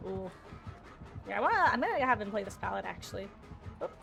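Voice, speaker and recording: A woman's voice: medium pitch, big pitch swings, a little fast, vocal fry, fairly bright tone, soft background music. A woman streaming a multiplayer game, chatting casually with viewers and teammates and laughing often. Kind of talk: casual gameplay commentary.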